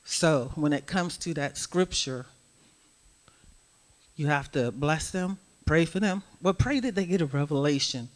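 A middle-aged woman giving a sermon as guest speaker, swinging from hushed asides to loud, emphatic preaching. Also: low-pitched, animated, measured pace.

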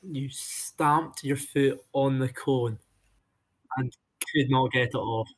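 A man's voice: mid-range voice, slow, husky. A man with a Scottish accent from Inverness with some Edinburgh twang, co-hosting a casual podcast with brief, dry replies. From Scotland. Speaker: podcast co-host.

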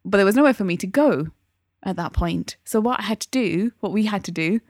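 A woman's voice: medium pitch, lively intonation, brisk, a little mellow, no room sound, studio quality. A woman, co-hosting a podcast and telling stories with feeling. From England. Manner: chatty, emotional storytelling. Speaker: podcast co-host. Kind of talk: casual chat.

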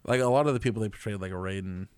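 A man's voice: fairly low pitch, rapid-fire, smooth, dry recording. Easygoing podcast guy, dry close sound. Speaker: podcast co-host. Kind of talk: casual chat.

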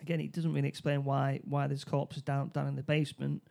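Gravelly-voiced man recapping a film. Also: mid-range voice, brisk. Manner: animated retelling with acted quotes, many restarts. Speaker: film discussion co-host. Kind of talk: casual chat retelling a film plot.

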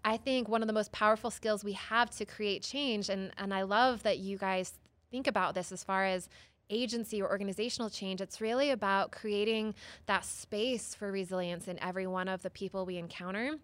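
Woman, psychotherapist guest; animated storyteller, mid-pitched, dry close mic. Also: brisk, dry recording. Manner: expressive, acts out quoted voices, many "like" and "right?". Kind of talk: storytelling in an interview.

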